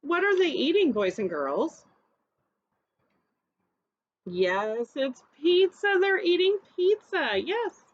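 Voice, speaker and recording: A woman's voice: high-pitched, sing-song, takes it slowly, pauses often, highs cut off. A woman preschool teacher reading a picture book aloud and coaxing children to repeat words after her.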